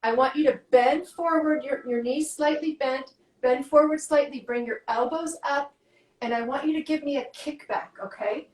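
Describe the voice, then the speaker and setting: A woman fitness coach talks someone through an arm workout with brisk, encouraging step-by-step cues. She is out of breath. Her voice is high and rings in an echoey room. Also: darkish tone. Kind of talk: guiding a workout.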